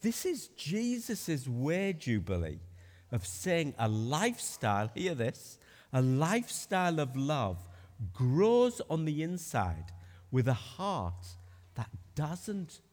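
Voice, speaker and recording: A man's voice: fairly high pitch, huge pitch swings, takes it slowly, a little mellow. Middle-aged man, preacher, emphatic sermon delivery, reverberant hall. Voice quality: emphatic, asks rhetorical questions.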